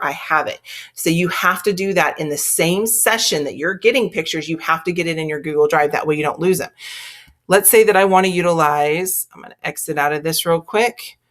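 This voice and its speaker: Low-voiced Texan woman teacher. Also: fairly bright tone. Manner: chatty, step-by-step, narrating her clicks. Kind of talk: screen-recorded tutorial.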